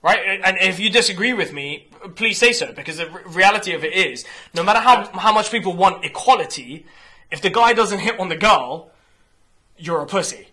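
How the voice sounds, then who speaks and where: A man's voice: high voice, expressive, moderate pace, pushed and bright. A young man speaking frankly and profanely in casual conversation, telling stories animatedly and often restarting his sentences. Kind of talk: candid casual chat.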